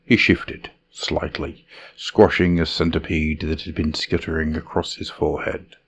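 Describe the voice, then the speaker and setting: A man reading a fantasy story in a measured, dramatic narration style. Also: a bass voice, flat delivery, gravelly, a bit bright, slightly rough.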